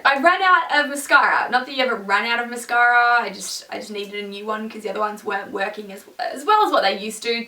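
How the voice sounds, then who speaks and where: A woman's voice: on the high side, bright, forceful tone, distant mic. A young woman chatting casually as a beauty vlogger, rambling and poking fun at herself. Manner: chatty, rambling, self-mocking. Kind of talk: casual chat. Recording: echoey room, mic set back.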